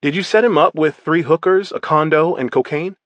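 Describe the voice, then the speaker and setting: A man voicing a sharp female police detective who asks pointed questions. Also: on the high side, moderate pace, no echo, voice pushed up, natural voice. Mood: probing.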